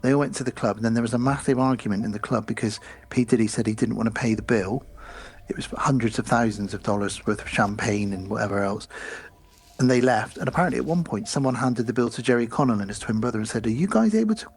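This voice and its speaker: A man's voice: on the low side, fairly even intonation, fast, slightly rough. A man co-hosting a podcast, rambling chattily through a film recap with many ums. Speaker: podcast co-host. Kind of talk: casual chat recapping a film.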